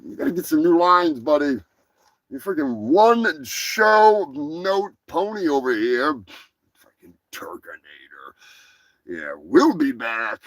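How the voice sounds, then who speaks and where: A man's voice: on the high side, sing-song, slow, no echo. A man hosting a comedic live show, rambling and swearing freely. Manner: profane, rambling. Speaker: host.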